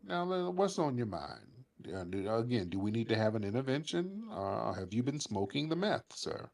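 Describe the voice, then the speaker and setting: A man's voice: mid-range voice, normal speed, gravelly. A man hosting a live call-in show who mocks and talks down to an angry caller. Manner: mocking, condescending, lively. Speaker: show host. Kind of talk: heated call-in argument.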